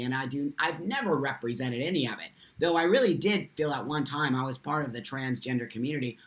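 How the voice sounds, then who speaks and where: A man's voice: a little high, a bit bright. A man hosting a live stream from his phone, answering viewers' comments. He speaks with impassioned emphasis and repeats lines for force.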